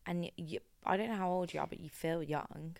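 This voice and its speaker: A young woman gives blunt, cheeky advice on her podcast. Her voice is low-pitched, with a gravelly fry. The sound is dry and close. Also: fairly even intonation, fairly quick, a little mellow, dry recording. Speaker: podcast co-host. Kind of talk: casual chat.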